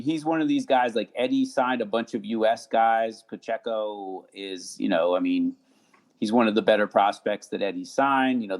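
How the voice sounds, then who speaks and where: Male podcast guest, low and gravelly, easygoing and rambling. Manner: relaxed, many fillers and repeats. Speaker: podcast guest, sports attorney. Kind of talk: casual podcast chat.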